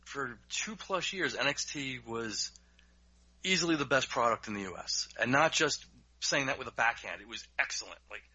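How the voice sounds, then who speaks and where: A man co-hosting a podcast, speaking in a relaxed, wry, conversational way. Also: mid-range voice, normal speed, breathy edge, no room sound, lo-fi sound. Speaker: podcast co-host. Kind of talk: casual wrestling talk.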